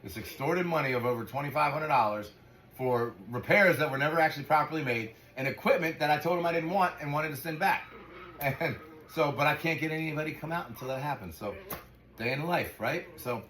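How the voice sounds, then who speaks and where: A man's voice: fairly high pitch, a little fast, a bit bright. A man running a dog sanctuary, ranting in frustration and swearing freely as he talks casually to camera. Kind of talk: casual vlog talk to camera. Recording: echoey room with faint noise.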